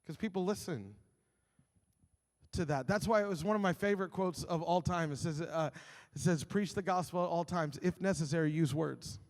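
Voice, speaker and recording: High-voiced man preaching in an echoing hall. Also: normal speed. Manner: animated storytelling, acts out his own grumbling. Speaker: pastor. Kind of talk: sermon.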